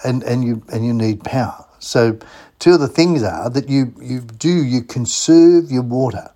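Husky Australian man plugging sponsors. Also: medium pitch, unhurried, dark tone. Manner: chatty, spells out web addresses. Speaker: radio host. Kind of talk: casual chat with sponsor plugs.

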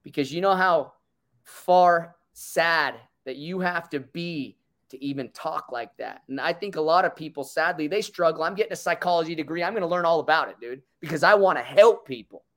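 A man's voice: a little high, normal speed, fairly bright tone. A man in his thirties telling an emotional personal story in a casual, earnest way, peppering his talk with "dude" and "bro". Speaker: co-host.

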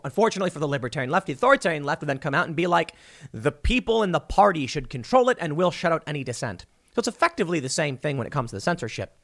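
A man's voice: on the high side, a bit bright. A man giving argumentative political commentary, emphatic and rhetorical, often reading reports aloud and answering them. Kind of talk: opinion commentary.

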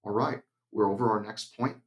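A young adult man co-hosting an aviation podcast and sharing his view as a flight instructor, blunt and emphatic in casual chat. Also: on the low side. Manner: blunt, emphatic, slips into a deliberate monotone when acting out cockpit instructions.

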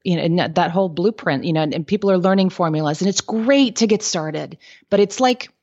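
A woman guest giving candid business advice in a podcast interview, telling lively stories with lots of "like" and "um". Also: fairly low pitch, brisk, lo-fi sound. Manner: candid, lively storytelling with frequent "like" and "um".

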